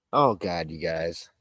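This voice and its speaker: A man's voice: deep voice, pushed and bright, breathy edge, dry recording. A man hosting a livestream, chatting casually and reading out viewer comments, rambling and poking fun at himself with frequent laughs. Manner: rambling and self-mocking, with frequent laughs and fillers. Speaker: livestream host.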